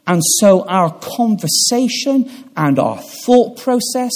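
A man preaching a sermon in a chapel, measured and pausing, building to emphatic peaks. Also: high voice, big pitch swings. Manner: measured delivery with pauses and fillers, swelling for emphasis.

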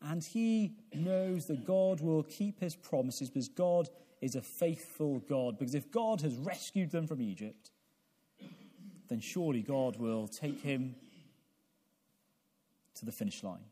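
A man delivering a sermon in a warm, mellow voice that sits a little high for a man. He leans on rhetorical questions and pushes to emphatic peaks, stumbling over a repeated word now and then as he restarts. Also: animated, unhurried, husky. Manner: repeats words when restarting. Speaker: preacher. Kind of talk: evening sermon.

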